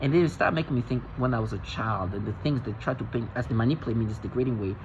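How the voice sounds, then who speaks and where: A man's voice: mid-range voice, racing, background noise. Agitated man rambling on a dull recording. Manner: agitated, intense, with frequent restarts and repetitions. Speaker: vlogger. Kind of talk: rambling monologue to camera.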